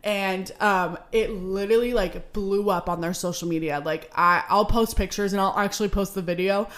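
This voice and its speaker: A woman's voice: medium pitch, steady tone, moderate pace, fairly bright tone. A woman in her twenties from Seattle hosting a podcast, telling a story in a chatty, upbeat way full of "like". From Seattle, United States. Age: 20s. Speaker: podcast host. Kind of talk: casual storytelling.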